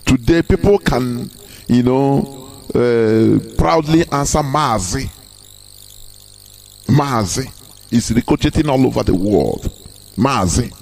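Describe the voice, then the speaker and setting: A man's voice: mid-range voice, takes it slowly, creaky, long pauses, a little mellow, soft background music. A man with a Nigerian Igbo accent giving a live broadcast speech, emphatic and full of repeated rhetorical questions. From southeastern Nigeria. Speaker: activist broadcaster.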